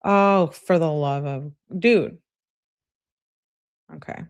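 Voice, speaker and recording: A woman's voice: mid-range voice, lively intonation, drawn-out words, pauses often. A young woman giving casual true crime commentary in a blunt, sarcastic way, swearing freely. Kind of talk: casual commentary reading out texts.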